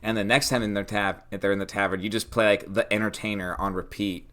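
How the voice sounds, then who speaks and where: A man co-hosting a casual tabletop-gaming podcast, animated, acting out little scenes as he explains. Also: on the low side. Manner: animated, acts out scenes in quick asides. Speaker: podcast co-host. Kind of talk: casual chat about tabletop games.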